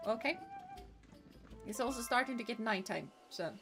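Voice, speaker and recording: Over music, a woman streamer plays a game and chats playfully in casual let's-play commentary, laughing often and reading game dialogue aloud. Her voice is on the high side and animated, at a moderate pace, with a giggly manner.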